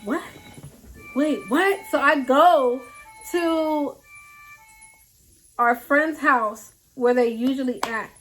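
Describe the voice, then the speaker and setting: A woman vlogger telling a personal story in casual storytime style, animated and repeating phrases for emphasis while talking straight to her viewers. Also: high-pitched.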